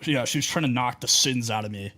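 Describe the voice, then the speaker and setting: A man chats casually on a live game stream, his voice middling, neither high nor low, fast and sharp in tone. He rambles through stories packed with "like" and stops to greet viewers in chat.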